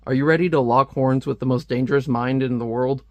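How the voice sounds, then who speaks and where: A man's voice: medium pitch, steady tone, a little fast, a little mellow, dry recording, natural voice. A man reading a comic book's smug genius villain aloud in a mocking, taunting tone.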